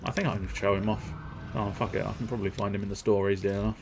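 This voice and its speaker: A man's voice: on the low side, steady tone, very fast, gravelly, a little hiss or hum. A man streaming a video game, rambling casually with jokes and a self-deprecating streak. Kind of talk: casual gameplay commentary.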